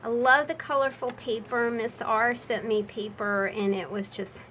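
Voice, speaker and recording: A woman's voice: on the high side, fairly even intonation, normal speed, a bit bright, slight background noise, low-quality recording. A woman talking through her handmade journals in a casual crafting vlog, chatty and prone to rambling asides.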